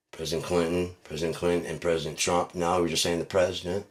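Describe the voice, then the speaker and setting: A man's voice: deep voice, flat delivery, fast, hardly any pauses. A man hosting his own channel, delivering a profane, heated, mocking rant. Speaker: channel host. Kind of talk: ranting monologue.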